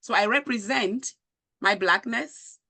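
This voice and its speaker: A woman's voice: on the high side, slow, vocal fry, pushed and bright. A woman with a Nigerian accent hosting a conversation, speaking with passion and conviction and reading out viewer comments. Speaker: show host. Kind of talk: live-stream conversation.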